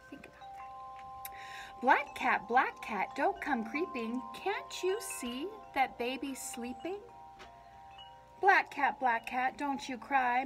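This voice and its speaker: A woman librarian at children's story time, her voice high and swooping up and down as she reads. She takes it at an unhurried pace, lilting through the lullaby's repeated lines. She breaks in with playful animal noises and friendly questions to her young listeners. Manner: lilting, sing-song lullaby reading. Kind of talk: reading a picture book aloud at story time.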